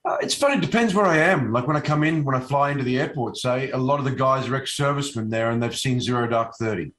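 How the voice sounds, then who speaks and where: A man from Australia with an Australian accent, a guest actor talking in a casual interview, halting with many fillers and restarts. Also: medium pitch, fairly bright tone.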